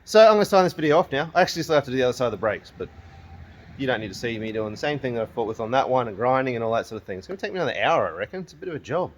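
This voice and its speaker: Rapid-fire and lively in intonation, a man with a mid-range voice vlogs from his garage while working on his truck. He talks to the parts as he goes, wry and grumbling, and keeps poking fun at himself.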